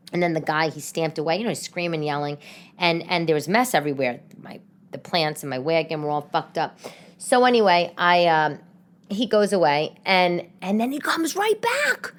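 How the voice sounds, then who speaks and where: Chatty New woman in her late thirties. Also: lowish voice. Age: late 30s. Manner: chatty, rambling, many restarts. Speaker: podcast host. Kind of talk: casual solo podcast chat. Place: her home.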